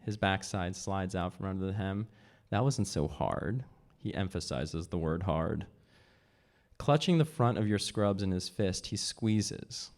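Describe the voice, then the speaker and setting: Guy reading from his book at a live event, lowish voice, measured, jumps up for the dialogue. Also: a little mellow. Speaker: author reading his novel. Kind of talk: literary reading aloud.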